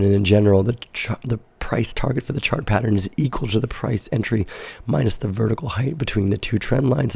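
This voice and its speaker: A hoarse man with a stuffy nose and a heavily gravelly, husky low voice walks through a market chart in a loose, rambling way. His tone is dark and mellow, recorded close and dry with no room sound. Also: no room sound. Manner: loose, rambling explanation with self-corrections. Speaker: crypto trading show host. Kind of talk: casual live market analysis.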